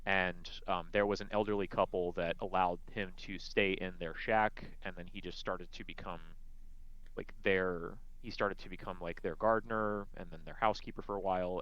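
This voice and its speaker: A man describing his character's actions in a tabletop game, halting with frequent ums and restarts. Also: low voice, fairly bright tone, poor audio. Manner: hesitant, many ums and restarts. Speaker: player.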